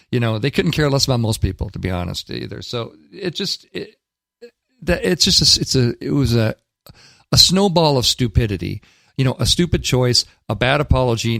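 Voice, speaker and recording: A man's voice: mid-range voice, no room sound. A man hosting a talk radio show in a studio, giving blunt, emphatic opinions with frequent restarts. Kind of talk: casual talk radio commentary.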